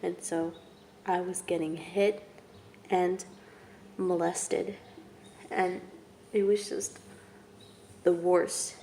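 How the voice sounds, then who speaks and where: A young woman telling her own story in a vlog, speaking softly and haltingly, with long pauses and words that trail off into whispers. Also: fairly low pitch, little pitch movement, a little hiss or hum. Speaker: vlogger. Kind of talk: personal testimony vlog.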